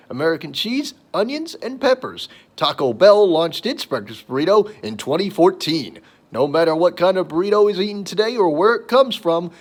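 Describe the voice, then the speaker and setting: Man, podcast host, reading aloud, animated pitch, slightly raised voice. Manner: reads aloud, then wanders into playful asides. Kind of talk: reading and riffing on daily holidays.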